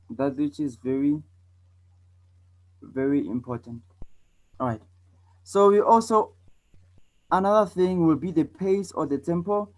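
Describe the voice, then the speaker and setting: On a rough recording, a fairly high-pitched South African man leads a debate lesson. He goes over points again and again, often asking "okay?" or saying "all right", while demonstrating loud versus soft and fast versus slow delivery.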